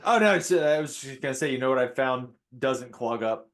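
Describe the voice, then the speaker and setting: A man's voice: mid-range voice, expressive, a little fast, fairly bright tone. A man as a guest on a casual podcast, explaining things in a hedging, roundabout way. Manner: hedging, many fillers and restarts when explaining.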